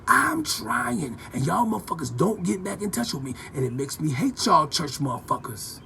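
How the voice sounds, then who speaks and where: A man filming a profane, confrontational vlog rant, talking loudly with a swaggering, repetitive delivery. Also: high voice, very animated, normal speed, vocal fry, a little hiss or hum. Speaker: vlogger.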